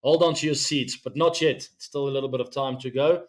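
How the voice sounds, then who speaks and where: A man's voice: medium pitch, steady tone, fairly quick. A middle-aged man hosting a cricket show, talking casually and directly to his viewers with frequent ums. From South Africa. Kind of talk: casual solo commentary to camera.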